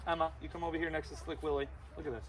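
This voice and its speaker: A man's voice: on the high side, flat delivery, very fast, a loud crowd. Playful man presenting a live animal show. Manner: playful, joking with the kids.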